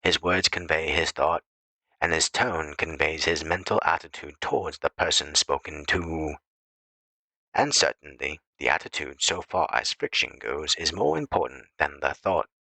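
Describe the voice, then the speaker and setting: A man reading an essay aloud as an audiobook narrator, in a measured, deliberate way. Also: a bass voice, lively intonation, creaky, sharp tone, no echo, poor audio. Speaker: audiobook reader.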